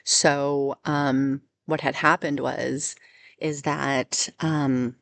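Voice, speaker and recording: A woman recounting a personal experience as an unscripted testimony, halting and full of restarts. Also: extremely low pitch, level tone, creaky, no echo. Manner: halting, with many restarts and fillers. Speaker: survivor telling her story. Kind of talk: personal testimony, casual storytelling.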